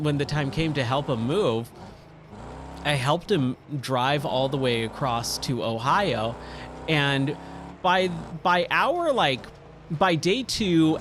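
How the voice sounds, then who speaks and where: Slow, rambling man telling a story. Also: a little high, a little hiss or hum. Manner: rambling, with frequent fillers and self-corrections. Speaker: gaming streamer. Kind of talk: casual storytelling while gaming. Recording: loud racing game sounds underneath.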